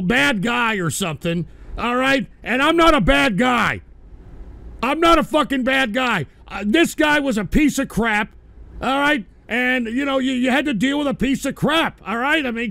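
A man with a very high, gravelly voice rants on air, stammering and swearing as he shouts in outrage. His voice sounds close and dry on a studio mic. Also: dry recording. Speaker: radio show host. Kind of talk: angry on-air rant.

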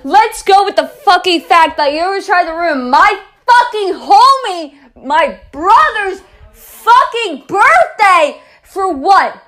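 Woman, angry podcast rant, very high voice, swings up and down, heavy swearing, voice breaking near tears. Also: expressive, slow, fairly bright tone.

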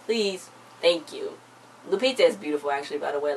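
A woman's voice: deep voice, animated, brisk, a little mellow, slight background noise, low-quality recording. A young woman in her late teens, chatting casually as she recaps a TV episode, full of slang and fillers. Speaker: TV recap vlogger. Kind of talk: casual chat.

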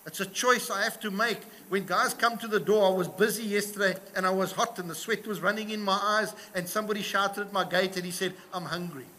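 High-voiced man preaching a fervent sermon. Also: fairly even intonation, a little fast, few pauses, sharp tone, slight background noise. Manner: impassioned, rising in volume when retelling stories. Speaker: pastor.

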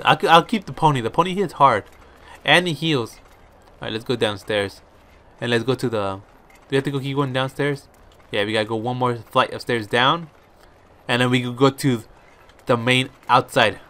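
A young man giving excitable let's play commentary, talking to himself and trash-talking enemies with some swearing. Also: mid-range voice. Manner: excitable, talks to himself while playing. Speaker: gaming video host. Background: faint background music.

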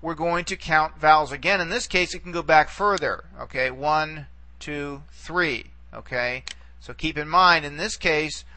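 In this recorded video lecture, a Greek language teacher speaks in a slightly high, sharp voice. He teaches patiently, repeating words and often checking in with "okay?"

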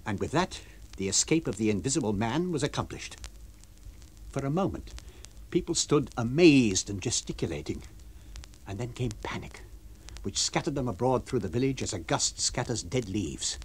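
A man reading a novel aloud for radio, with an expressive, varied storytelling delivery. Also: medium pitch, moderate pace, a little hiss or hum. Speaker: reader.

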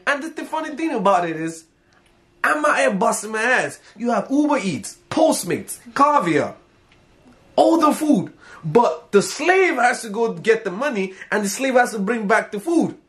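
A man's voice: very high-pitched, a bit bright. A man from Africa, the host's partner, jokingly complaining straight to the listeners. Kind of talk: casual chat.

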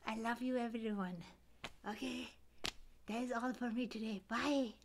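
A woman doing a bubbly, gushing college girl who adores helium, her voice sitting a little high and dropping into breathy whispers when excited. It is a comedy sketch character with a giddy, eager delivery. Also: measured pace, noisy background. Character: bubbly young woman student obsessed with helium.

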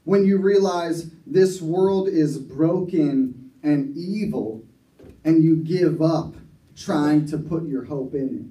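A man's voice: a little high, takes it slowly, mellow. A man preaching a sermon at a recovery ministry, telling a story earnestly and often restarting his sentences. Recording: echoey room, mic far off.

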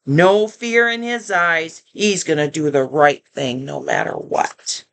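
An older woman reading a children's picture book aloud, expressive, often stopping to comment and to ask the listening child questions. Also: deep voice, slow pace, gravelly. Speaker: storyteller.

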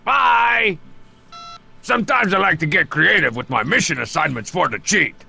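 A man voicing a brash, cocky masked wrestler in a game, with a raspy, gravelly voice and a sarcastic, scheming manner. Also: high voice, lively intonation, normal speed, pushed and bright, heavily acted.

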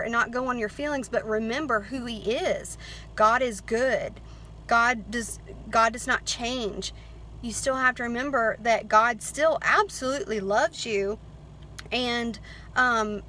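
Young woman, higher bright voice, earnest faith talk with lots of "um"s and restarts, faint hum behind. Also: low-quality recording. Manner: earnest, encouraging, many fillers and restarts; reads scripture aloud. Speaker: Christian vlogger. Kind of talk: casual devotional talk.

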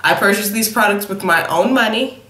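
A woman's voice: medium pitch, normal speed, bright, forceful tone, reverberant. A young woman in a casual, sassy makeup review, sniffly from a cold and calling her viewers honey and y'all. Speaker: beauty vlogger.

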